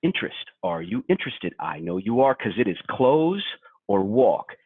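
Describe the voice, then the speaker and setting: A man's voice: mid-range voice, big pitch swings, moderate pace, husky, dry recording. A man imitating a hard-driving male sales boss from a film, punching out each word as he berates his team. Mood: berating. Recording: tinny dry phone line.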